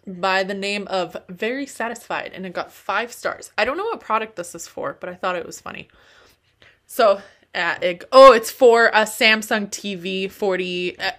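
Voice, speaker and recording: A woman's voice: medium pitch, fairly bright tone. Giggly young woman reading reviews aloud. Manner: giggly, amused. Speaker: co-host reading funny reviews. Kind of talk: casual chat and reading aloud.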